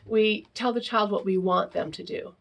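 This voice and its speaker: A woman with a gravelly, slightly husky voice talks parents through a lesson in a relaxed, informal way. She keeps checking in with a quick "right?" after her points and now and then slips into acting out short example phrases. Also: medium pitch. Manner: peppers sentences with tag question "right?"; acts out example phrases to children. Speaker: parenting educator and teacher. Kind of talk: informal teaching talk to parents.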